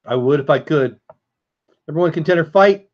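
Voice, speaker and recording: A man's voice: a little high, normal speed, lo-fi sound. A man hosting a casual live stream, chatting with viewers and answering chat as he goes.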